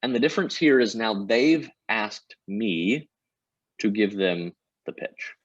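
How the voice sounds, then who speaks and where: Guesting on a podcast over a remote call, a fairly low-voiced, energetic man lays out his sales method step by step, taking it slowly in a casual interview style. The sound is dry, a bit dull and lo-fi, with no room sound.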